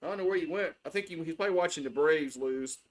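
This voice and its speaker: A man's voice: a little high, quick pace. A man giving casual play-by-play on a live stream, loose and chatty, swearing freely. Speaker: live stream sports host.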